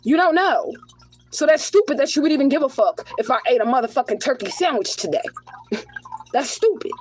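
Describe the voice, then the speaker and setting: A woman's voice: high voice, lively intonation, brisk, a little mellow, rough recording. Blunt, profane woman reading cards. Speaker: spiritual reader. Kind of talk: live tarot reading and rant.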